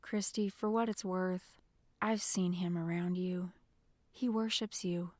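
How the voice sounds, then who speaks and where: A woman reading the part of a gentle, encouraging young man in an audiobook, speaking softly and reassuringly. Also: fairly low pitch, steady tone, slow, no echo, voice pushed down. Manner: soft, hushed and reassuring.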